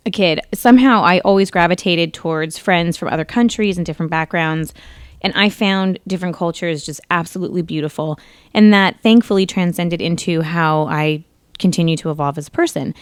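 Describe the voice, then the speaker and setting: A woman radio host in her thirties tells a long personal story in a chatty, meandering way, often correcting herself. Her voice sits low and sounds smooth and clear, recorded dry and close. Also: moderate pace, no room sound. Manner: chatty, rambling, with self-corrections and laughs. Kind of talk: casual storytelling on talk radio.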